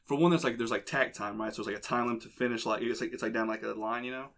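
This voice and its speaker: A man's voice: medium pitch, fairly even intonation, racing, a bit bright. A young man hosting a podcast, telling a crude, rambling story in casual chat. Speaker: podcast host. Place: basement.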